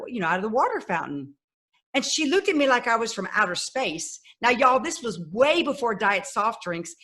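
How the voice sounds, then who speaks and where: A woman in her fifties, a podcast guest telling her life story in a lively way and acting out the voices of people she quotes. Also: on the high side. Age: 50s. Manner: animated, acts out quoted voices. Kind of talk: personal storytelling.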